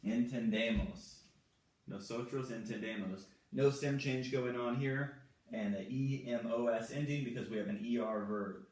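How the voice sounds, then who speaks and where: A male Spanish teacher walking through verb forms at a whiteboard, slowly and patiently repeating each one. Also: medium pitch, fairly even intonation, a little mellow. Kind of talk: whiteboard grammar lesson. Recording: echoey room, mic far off.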